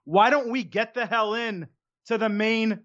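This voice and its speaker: A man with a high, bright, tense voice hosts a podcast from a studio. He keeps the conversation moving and throws in dry jabs. The sound is slightly dull and lo-fi. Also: measured pace, a little hiss or hum. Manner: steering the talk, dry teasing. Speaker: podcast host. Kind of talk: casual podcast chat.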